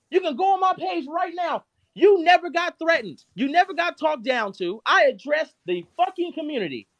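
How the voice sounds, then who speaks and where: A man hosting a live stream, ranting angrily and cursing constantly, his loudness jumping up and down. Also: extremely high pitch, no room sound. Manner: heated, profane, cursing constantly; shifts abruptly between loud and quiet. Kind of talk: angry rant on a live stream.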